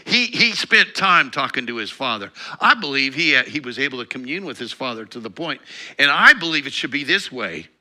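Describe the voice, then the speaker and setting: A man teaches his congregation in a relaxed, conversational sermon, reading out scripture and then talking it through. His voice is very bright and ringing, and his pitch rises and falls animatedly as he goes. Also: fairly quick. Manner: conversational teaching with laughs and self-corrections. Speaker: pastor.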